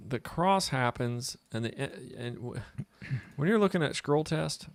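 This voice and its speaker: A man co-hosting a casual trading show, talking in loose, rambling banter full of jokes. His voice has a gravelly, creaky edge. The sound is dry and close, with no room echo. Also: mid-range voice, expressive, a little slow. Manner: joking, rambling, jumps into silly voices.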